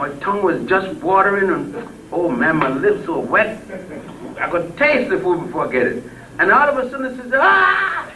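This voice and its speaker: An older man giving an impassioned speech to a crowd, blunt and salty. He swings between loud peaks and low murmurs and chuckles as he tells stories. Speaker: public speaker. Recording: distant mic with faint background noise.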